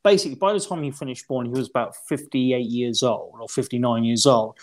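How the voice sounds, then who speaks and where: A man giving opinions on a film in casual podcast chat, rambling and halting. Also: medium pitch. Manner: rambling, halting, many restarts. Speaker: podcast co-host.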